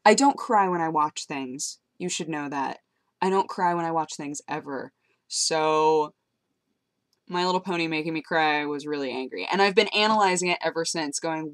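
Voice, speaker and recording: A woman's voice: fairly low pitch, normal speed. Chatty young woman rambling to a webcam. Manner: chatty, rambling, self-mocking, with many fillers and laughs. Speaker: vlogger. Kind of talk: casual webcam vlog chat. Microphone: webcam mic.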